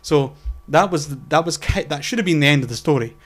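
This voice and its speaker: A man's voice: on the high side, animated, fast. A man chatting on a podcast, cursing freely as he tells a story. He acts out both sides of every argument in his own voice, with plenty of restarts and filler words. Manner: swearing storyteller, acts out quoted exchanges. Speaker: podcast co-host. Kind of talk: casual podcast chat.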